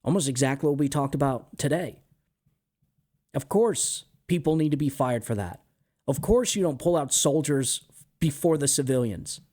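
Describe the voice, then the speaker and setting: A man's voice: mid-range voice, animated, moderate pace, mellow. Emphatic male political show host. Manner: emphatic, repeats points. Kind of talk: political commentary.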